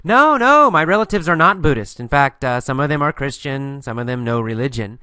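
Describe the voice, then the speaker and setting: Male English teacher, bright crisp voice, patient and repetitive, close dry mic. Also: medium pitch, animated, no room sound. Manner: slow, patient, repeats key phrases and answers his own questions. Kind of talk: English listening lesson with questions and answers.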